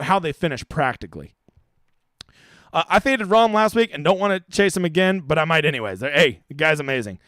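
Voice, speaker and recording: A fantasy golf streamer with a high, slightly bright voice hosts a casual live-stream Q&A, reading viewer questions aloud and answering them bluntly with an occasional swear. The audio is studio quality, with no room sound.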